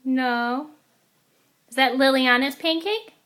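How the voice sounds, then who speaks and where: A woman with a high, bright, ringing voice speaks slowly and patiently to a toddler. She coaxes and repeats each word with care, as a mother teaching first words at home.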